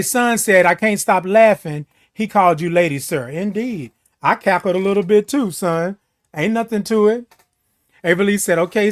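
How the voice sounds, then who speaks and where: A man hosting a casual morning livestream, reading viewer comments aloud and answering them, saying "indeed" and "y'all" a lot. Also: sits high. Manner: says "indeed" and "y'all" often. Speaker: livestream host.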